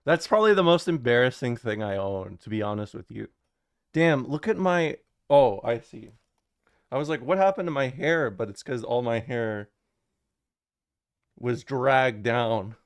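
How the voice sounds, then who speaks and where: A man's voice: medium pitch, expressive, unhurried, clear, resonant tone. Joking young streamer guy. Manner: rambling, jokey, talks to chat. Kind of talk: casual stream chatter.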